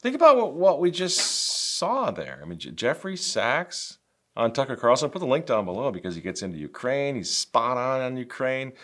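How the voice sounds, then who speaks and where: A man's voice: medium pitch, big pitch swings, normal speed. A middle-aged man hosting a political commentary show, talking in a sarcastic, mocking way. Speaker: host.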